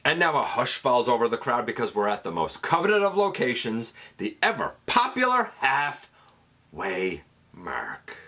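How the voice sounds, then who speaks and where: A man's voice: mid-range voice, huge pitch swings, measured pace, sharp tone. A man hosting a countdown video, talking casually and enthusiastically to camera with fillers and restarts. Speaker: host counting down a top ten list. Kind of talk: casual fan commentary to camera.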